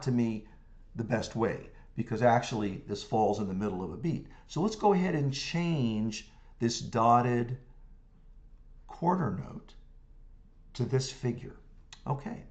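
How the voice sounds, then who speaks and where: A man teaching music notation software step by step, humming rhythms as syllables and checking in with the viewer as he works. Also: mid-range voice. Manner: talks through clicks step by step, hums rhythms as syllables. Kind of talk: screen-recorded software tutorial.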